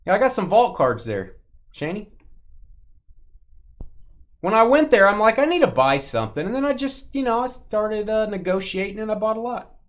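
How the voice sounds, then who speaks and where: A man's voice: high-pitched, very animated, normal speed, long pauses. A man hosting a live sports card break stream, chatting and joking with viewers and greeting them by name. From Texas.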